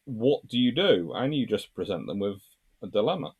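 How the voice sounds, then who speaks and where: A man's voice: on the low side, sing-song, normal speed, darkish tone, husky. A man hosting a history channel, reading viewer comments aloud and answering them in a rambling, thinking-aloud way.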